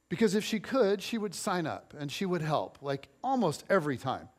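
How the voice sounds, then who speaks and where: A high-pitched man in his forties preaches briskly and with few pauses, telling personal stories as a pastor. The sermon feels conversational, animated, and playfully humorous, with a chatty, self-deprecating streak.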